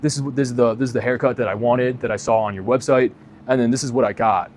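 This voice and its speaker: A man's voice: mid-range voice, fairly even intonation, quick pace, darkish tone, a little hiss or hum. A young man telling a story in a casual, profane, exasperated way, as a vlogger.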